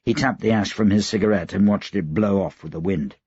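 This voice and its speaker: Brief: male audiobook narrator, husky gravelly low voice, measured read, dry dull recording. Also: darkish tone, no room sound. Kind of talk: scripted narration.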